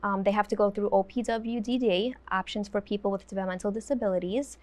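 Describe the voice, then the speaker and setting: A woman answering interview questions about her program, earnest and quick to laugh. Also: medium pitch, steady tone, a little mellow. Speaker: guest, autism program worker.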